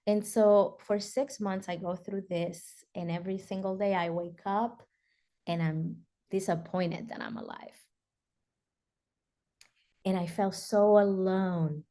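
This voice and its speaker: A woman's voice: medium pitch, unhurried, mellow. A woman guest in an interview, telling a personal story earnestly with frequent fillers like "you know" and "like". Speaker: summit guest speaker.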